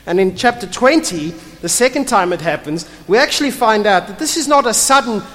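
Animated preacher in a reverberant hall. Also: medium pitch, fairly quick. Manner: animated, conversational, asks rhetorical questions; blunt and emphatic. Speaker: pastor. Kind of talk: sermon.

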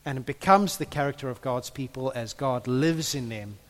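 A man preaching a sermon, earnest, building to loud impassioned peaks and repeating his words as he goes. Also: mid-range voice, normal speed. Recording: echoey hall with long reverb.

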